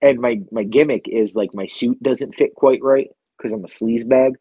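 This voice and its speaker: A young man chats on a podcast, spinning jokey bits. His voice has a husky, breathy grain at middle pitch. The sound is dry and close-miked. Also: normal speed, mellow, dry recording, rough recording. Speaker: podcast co-host. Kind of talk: casual chat.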